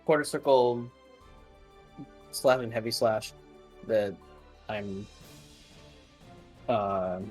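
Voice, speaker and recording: A man's voice: lowish voice, extremely slow, pauses often, darkish tone, faint music behind. Joking, foul-mouthed male gamer. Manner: joking, profane, rambling. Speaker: streamer playing a fighting game. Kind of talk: casual gaming chat.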